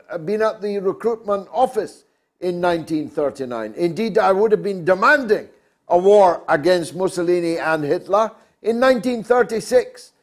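A man hosting a talk show, delivering an emphatic, oratorical monologue. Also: high-pitched.

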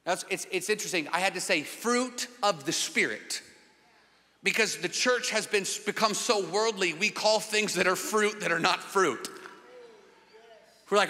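A man's voice: sits high, lively intonation, normal speed, pushed and bright. A man pastor preaching a sermon emphatically, with long repetitions. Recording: long hall reverb.

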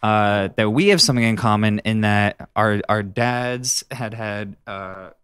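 A man's voice: lowish voice, unhurried, fairly bright tone, smooth, dry recording. A man hosting a casual studio interview, teasing and joking with his guest. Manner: jokey, teasing, self-deprecating. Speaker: interviewer, host.

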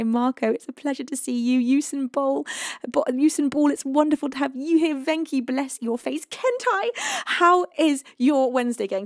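A British woman hosts a live music stream from her home studio, chatting affectionately with viewers and giggling. Her voice is a little high with a darkish tone, and there's no echo.

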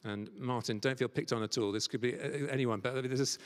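A man preaching a sermon and telling stories, sometimes dropping to a soft near-whisper for quoted words. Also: mid-range voice, fairly even intonation, brisk. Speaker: guest preacher. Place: large church. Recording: church hall reverb.

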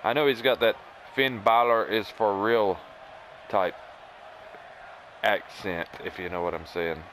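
Wry, rambling gaming commentator. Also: male voice, on the low side, fairly even intonation, measured pace, fairly bright tone, slight background noise. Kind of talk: let's play commentary.

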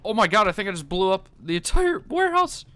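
Gaming commentator, male, excitable, lively pitch, slightly high, constantly yelping and pleading. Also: no echo. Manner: panicky, yelps and pleads in rapid repeats. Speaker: gaming YouTuber. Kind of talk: gameplay commentary.

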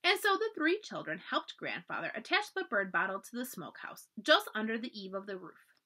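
A woman librarian reading a children's chapter book aloud, expressive and storyteller-like. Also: mid-range voice, fairly quick. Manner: expressive storyteller, lively voices for dialogue.

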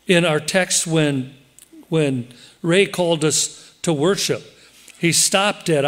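A pastor preaching a sermon in church, lively and direct, slipping into quoted voices as he explains the text. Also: on the high side. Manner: animated, acts out quoted voices.

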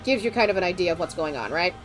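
A woman streamer chatting casually, excitable and rambling, often breaking into giggles. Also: fairly low pitch, rapid-fire, faint music behind. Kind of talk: casual chat.

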